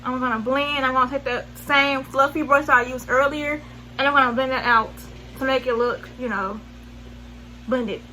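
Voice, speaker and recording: A woman's voice: high voice, fairly even intonation, moderate pace, pushed and bright, rough recording. A woman with a Southern US accent talking through a makeup tutorial in a chatty, rambling way, full of slang and self-corrections. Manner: chatty, rambling, slangy, loses track mid-sentence. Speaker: beauty vlogger.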